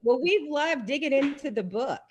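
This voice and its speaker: A woman's voice: sits high, expressive, normal speed, crowd noise. A woman co-host on a video call who asks her questions in a rambling, hesitant way. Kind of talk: casual interview chat.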